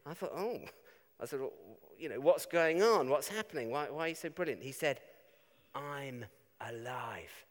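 Chatty guy giving a sermon, bit high voice, echoing church. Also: animated, brisk. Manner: conversational, with rhetorical tag questions. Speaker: preacher. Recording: long reverb of a church.

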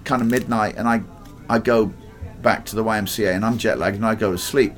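A man's voice: lowish voice, fairly even intonation, a little fast, soft background music. A man from England with an English accent, telling a rambling personal anecdote in a casual way, swearing freely and acting out the other people's lines. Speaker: guest telling a life story.

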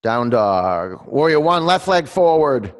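A man's voice: mid-range voice, big pitch swings, slow pace, big-room sound. A man teaching a live yoga class, calling out poses and counting breaths, joking with his students by name. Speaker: yoga instructor. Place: yoga studio, large room.

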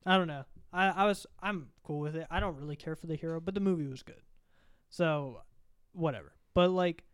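A young man in casual podcast chat, rambling through a profane, animated story. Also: fairly high pitch, fairly quick, clear, resonant tone.

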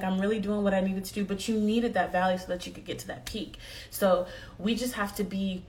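A young woman giving a heartfelt motivational talk to her viewers, earnest and often repeating herself as she speaks. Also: medium pitch. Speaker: vlogger.

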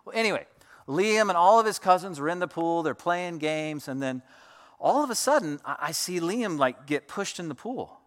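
A man's voice: fairly high pitch, lively intonation, normal speed. A man in his thirties, a pastor, preaching a sermon in a loose, conversational storytelling way with many fillers.

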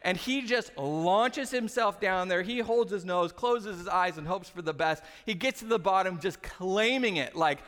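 A male pastor in his thirties delivering a sermon with a fairly high voice. He tells stories with animation and acts out the quotes. The sound carries the long reverb of a large church hall. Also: expressive, normal speed, hardly any pauses, a bit bright, a little hiss or hum.

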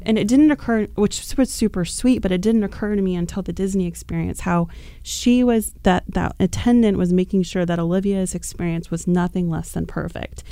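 A woman on a podcast telling an animated, chatty story, with plenty of fillers. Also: on the low side, moderate pace, no room sound, studio quality. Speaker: podcast guest.

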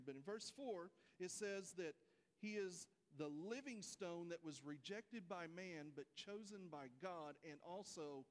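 A man's voice: fairly high pitch, long reverb tail. A man preaching a folksy sermon, speaking straight to his congregation. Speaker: pastor. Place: church sanctuary.

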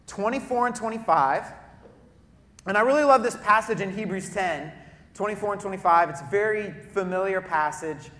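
A man preaching a sermon to a congregation in a church auditorium, telling lively stories and turning to the crowd with asides. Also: sits high. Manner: lively storytelling with audience asides, loud bursts when acting out cheering. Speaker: pastor. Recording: echoey hall.

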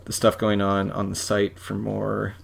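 A man's voice: lowish voice, monotone, a little slow, vocal fry, a little hiss or hum. A man co-hosting a podcast in casual chat, with dry, teasing remarks. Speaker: podcast co-host.

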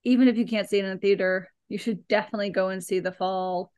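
A woman's voice: mid-range voice, fast talker, smooth, no echo. Chatty woman telling a story, dry mic. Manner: animated, chatty storytelling with lots of "like". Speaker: podcast co-host. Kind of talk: casual chat, recommending a film.

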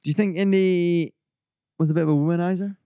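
A man's voice: sits high, fairly even intonation, fairly quick, mellow, clean tone, dry recording, clean studio sound. A man hosting a casual podcast chat, enthusiastically walking his co-hosts through film trivia. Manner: enthusiastic, trivia-led storytelling. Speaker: podcast host.

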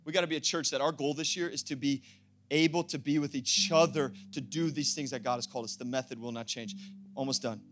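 A young adult pastor delivering an impassioned sermon, often rising to shouting. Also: male voice, mid-range voice, fairly even intonation, fast talker.

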